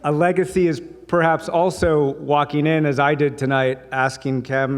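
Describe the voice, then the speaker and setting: A man's voice: a little high, flat delivery, moderate pace, hardly any pauses, slight background noise. Man speaking in a reverberant hall. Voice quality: voices others in quoted bits. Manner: conversational, mixes humor into stories. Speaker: speaker at a dinner. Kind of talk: anecdotal speech. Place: large hall.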